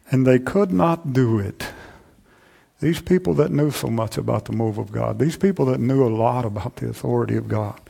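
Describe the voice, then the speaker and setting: Fervent male preacher swinging loud and soft. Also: medium pitch, creaky. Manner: repeats "I'm telling you" and "you hear me". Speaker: pastor. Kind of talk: sermon.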